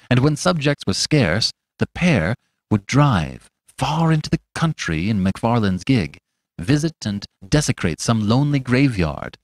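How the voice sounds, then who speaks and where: A man narrating a classic story as an audiobook host, in a measured, dramatic manner. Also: fairly low pitch, dry recording. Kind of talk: scripted narration of a classic tale.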